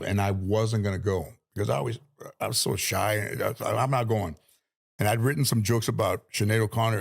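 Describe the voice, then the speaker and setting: A man, a comedian guest, telling casual stories full of swearing and laughing through his anecdotes. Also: lowish voice. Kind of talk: casual storytelling.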